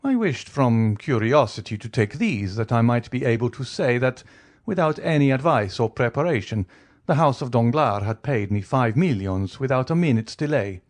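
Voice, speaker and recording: A man voicing a wealthy, coolly ironic middle-aged count who talks in a teasing, measured way. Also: mid-range voice, animated, close to an everyday voice. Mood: amused. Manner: teasing, measured, faintly mocking.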